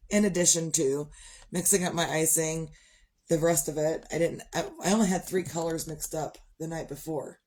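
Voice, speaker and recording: Tired middle-aged woman, low-pitched, rambling livestream chat with sighs. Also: a little mellow. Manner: rambling, chatty, yawning and sighing. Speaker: livestream host. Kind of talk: casual chat.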